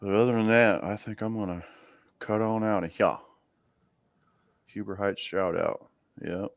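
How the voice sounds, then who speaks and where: Laid-back man, low and smooth. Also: fairly even intonation, unhurried, dry recording. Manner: easygoing, chuckles often, trails off mid-sentence. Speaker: garage owner hosting a live stream. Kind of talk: casual chat.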